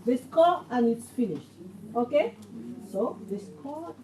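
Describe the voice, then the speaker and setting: A woman's voice: sits high, lively intonation, takes it slowly, roomy sound, far from the mic, noisy background. A woman teaching a beginner English class, patient and questioning, repeating phrases so her learners catch them.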